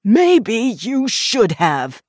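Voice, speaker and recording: A narrator voicing a quick-tempered, ailing older man who shouts his lines in an audiobook. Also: mid-range voice, lively intonation, no room sound, clean studio sound. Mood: angry. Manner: loud, shouting. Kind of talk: audiobook character voice.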